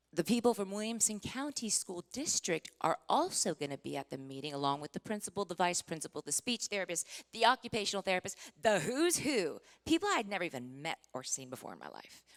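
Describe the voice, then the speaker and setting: A woman in her forties giving a sermon testimony, telling her story with strong feeling, acting out what was said, rising to near-shouting and dropping to whispers. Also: fairly low pitch, sing-song, brisk. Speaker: Christian singer giving a testimony. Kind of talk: sermon testimony to a live audience.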